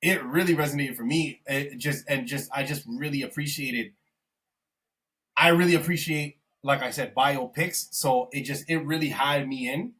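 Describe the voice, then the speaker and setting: A young man co-hosting a podcast in casual, animated chat, swearing often and calling his friend "bro". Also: mid-range voice, normal speed, far from the mic. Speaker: podcast co-host.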